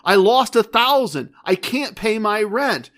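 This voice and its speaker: A man's voice: high voice, expressive, unhurried, a bit bright, voice pushed up. A man putting on the voice of a desperate male gambler, pleading frantically and repeating himself.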